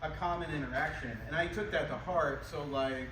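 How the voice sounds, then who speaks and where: Laid-back mumbly guest. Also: male voice, on the high side, normal speed. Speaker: guest, improv theater co-owner. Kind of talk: live talk show interview. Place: comedy club stage. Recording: roomy, far mic, noisy.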